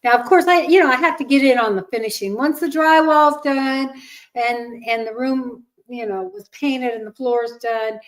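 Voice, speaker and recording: A woman's voice: a little high, normal speed, rough recording. An older woman hosting a family podcast, speaking in a casual chat and fighting back tears. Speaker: podcast host, mother.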